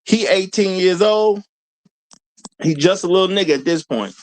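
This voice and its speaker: A man's voice: high voice, moderate pace, dry recording, low-quality recording. A man hosting a live commentary stream, talking casually to his viewers and repeating points for emphasis. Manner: animated, repeats lines for emphasis, addresses viewers as y'all. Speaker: host of a live commentary show.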